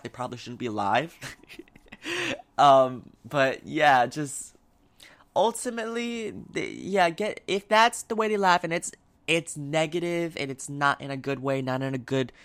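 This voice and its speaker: A young man talks straight to his viewers and gives advice. He rambles, restarts his sentences and leans on fillers, and his delivery stays lively and animated. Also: a little high. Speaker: vlogger giving advice. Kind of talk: casual advice vlog.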